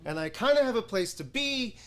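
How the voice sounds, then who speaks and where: A man's voice: very high voice, expressive, brisk, fairly bright tone. An actor performing a stage comedy monologue as a weary, sardonic man telling about his day in a dry way. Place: acting studio stage before an audience.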